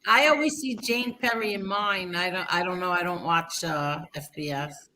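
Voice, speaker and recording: A woman's voice: on the low side, normal speed, pushed and bright, soft background music, low-quality recording. A woman co-hosting a casual livestream, giggly and playfully teasing. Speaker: livestream co-host.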